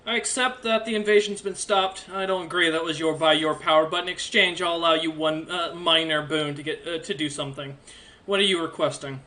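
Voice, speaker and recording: A man voicing a stern, commanding otherworldly being in a tabletop game, with a measured, imperious delivery. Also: fairly high pitch, steady tone, pushed and bright.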